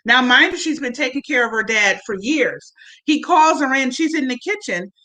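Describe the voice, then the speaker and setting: A woman casually recapping a TV episode for her viewers, chatty and animated, with frequent asides to the audience. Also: high voice, moderate pace, low-quality recording. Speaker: show reviewer. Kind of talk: casual recap chat to camera.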